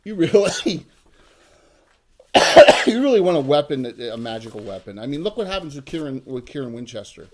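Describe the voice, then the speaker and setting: A middle-aged man acting as game master, explaining rulings in a relaxed, chatty way. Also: medium pitch, quick pace, hardly any pauses. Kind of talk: running a tabletop game.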